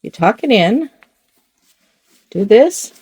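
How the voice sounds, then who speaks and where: A woman's voice: on the high side, very animated, slow, a little mellow, husky. An older woman chatting casually while she fiddles with a doll's clothes. Her talk rambles and circles back on itself, and she often chuckles and teases herself. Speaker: doll channel host. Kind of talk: casual chat while dressing a doll.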